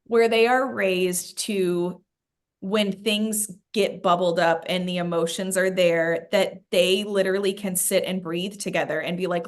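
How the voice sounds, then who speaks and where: A woman's voice: lowish voice, fairly even intonation, measured pace. Earnest woman chatting about breathwork. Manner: earnest, many "like" fillers, gets emotional. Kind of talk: casual heartfelt chat.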